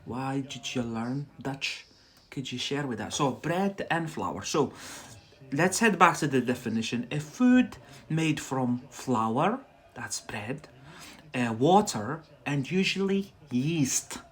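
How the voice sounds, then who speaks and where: A man's voice: mid-range voice, animated, slow, husky. A man with a Scottish-influenced accent teaching English on a casual livestream, chatty and loose, repeating words for his viewers. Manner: talks to viewers directly and stretches out key words.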